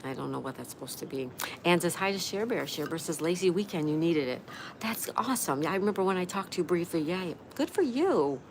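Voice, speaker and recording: A woman's voice: fairly low pitch, fast. A woman hosting a casual live stream, chatting and reading viewer comments aloud while greeting each person by name. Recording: steady background noise.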